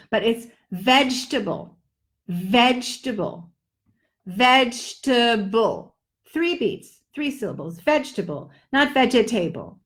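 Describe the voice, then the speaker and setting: A middle-aged woman teaching English pronunciation in a live online lesson, drawing out words in playful drills. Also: fairly high pitch. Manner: playful, drawn-out word drills.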